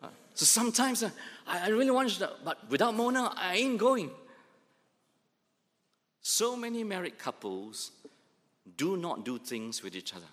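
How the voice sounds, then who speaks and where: A middle-aged man with a Singaporean English accent preaching a sermon, firing rhetorical questions at the congregation and slowly repeating key phrases. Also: sits high, big pitch swings, fairly bright tone. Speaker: pastor. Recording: long hall reverb.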